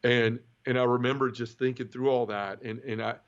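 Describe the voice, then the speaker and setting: A man's voice: medium pitch, little pitch movement, normal speed, muffled recording. A man telling his own conversion story in an interview, earnest and vivid, often restarting and repeating words. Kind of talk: emotional personal storytelling.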